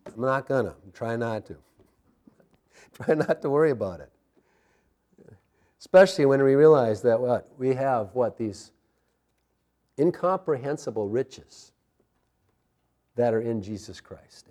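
A man's voice: high-pitched, a little mellow. A man preaching a sermon as a pastor, conversational, with personal asides, laughs and calls of amen.

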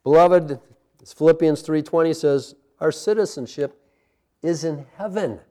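A man's voice: a little high, measured pace, mellow. A man preaching a sermon as a pastor, conversational, with personal asides, laughs and calls of amen.

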